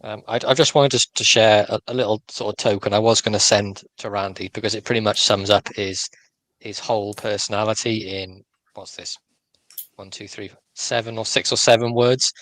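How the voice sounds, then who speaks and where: A man speaking as a guest on a casual video call, halting and hesitant. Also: lowish voice, fairly even intonation, fairly bright tone, poor audio. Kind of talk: casual memorial chat.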